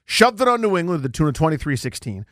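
Male sports host, lively pitch, dry studio sound, animated. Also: quick pace, dry recording. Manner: animated, voice jumps up when excited. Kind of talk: sports talk show.

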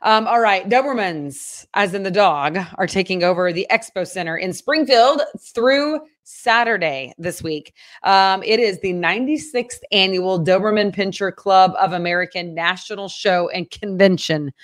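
A woman's voice: mid-range voice, moderate pace, few pauses. A woman co-hosting a local news podcast, chatty and upbeat, reading headlines and then riffing on them. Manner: chatty, upbeat, reads stories then riffs.

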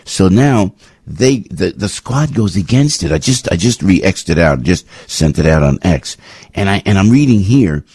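Deep husky man hosting talk radio. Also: animated, moderate pace, a little mellow, no room sound, studio quality. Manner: rambling and indignant, with many restarts. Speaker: radio show host.

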